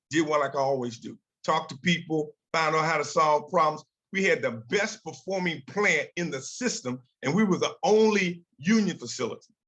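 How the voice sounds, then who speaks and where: A man's voice: a little high, fairly bright tone. An older man from the United States giving a motivational talk, telling career stories and acting out quoted dialogue. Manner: storytelling, acts out quoted dialogue. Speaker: guest speaker.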